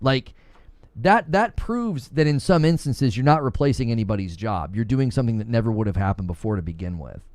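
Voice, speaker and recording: A man's voice: medium pitch, lively intonation, brisk, darkish tone, dry recording. Dry-voiced man arguing a point. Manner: argumentative, explains at length. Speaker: podcast co-host. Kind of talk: casual gaming news discussion.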